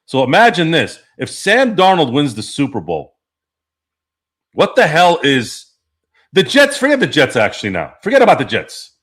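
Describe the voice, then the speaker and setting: A man's voice: a little high, huge pitch swings, moderate pace, a bit bright. A man hosting a casual sports talk stream, rambling, swearing and laughing as he reads the chat. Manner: rambling, profane, laughs often. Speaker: podcast host.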